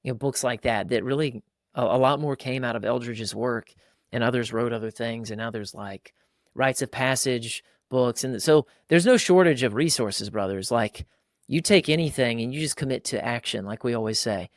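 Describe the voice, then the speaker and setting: A man's voice: medium pitch, normal speed, dry recording, clean studio sound. A man who hosts a podcast and is a pastor, talking earnestly in casual conversation about fatherhood and acting out bits of dialogue. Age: adult father of young boys. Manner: earnest, acts out quoted dialogue in a raised voice.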